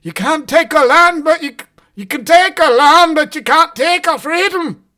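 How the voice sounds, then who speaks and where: A man voicing a grumpy male swamp ogre in an attempted Scottish accent, loud and guttural. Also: extremely high pitch, normal speed, voice pushed up. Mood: gruff shouting.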